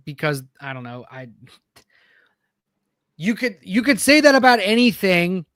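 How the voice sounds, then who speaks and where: A man co-hosting a casual podcast, hurried and argumentative, apologizing that he has to wrap up. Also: high voice, big pitch swings, fairly bright tone, dry recording, clean studio sound. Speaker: podcast co-host.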